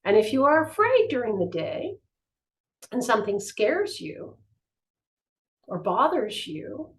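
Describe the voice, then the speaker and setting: Animated woman telling teaching stories. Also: fairly high pitch, takes it slowly, poor audio. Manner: animated storytelling, acts out the voices in her stories. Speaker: spiritual teacher. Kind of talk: teaching talk with personal stories.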